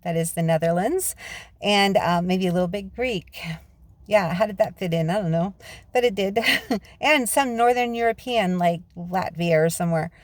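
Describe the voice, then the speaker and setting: Sitting in her parked car with a handheld phone, an American woman who vlogs and writes talks in a chatty, rambling monologue that drifts into rants and digressions, laughing often. Her lowish voice is a little mellow and moves at a moderate pace, with no room sound.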